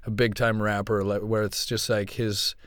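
A man's voice: on the low side, level tone, normal speed, a bit bright, dry recording, clean studio sound. A man being interviewed, speaking in a laid-back, easygoing way, often hesitating and restarting. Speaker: guest. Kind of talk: casual interview chat.

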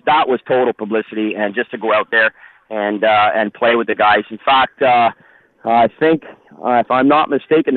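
A man's voice: mid-range voice, no room sound. A middle-aged man, a hockey historian, speaking as a guest on a radio call-in and rambling with many restarts. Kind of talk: phone-in radio interview. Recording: tinny phone line.

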